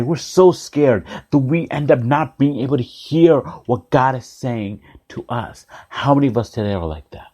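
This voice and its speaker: A man's voice: medium pitch, normal speed, few pauses. Man preaching a story-driven sermon. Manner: lively storytelling, repeats phrases, asks the audience questions.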